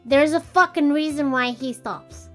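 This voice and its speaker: A woman co-hosting a casual movie chat, retelling scenes in an animated, swearing rant. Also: high voice, measured pace, soft background music. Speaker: podcast co-host.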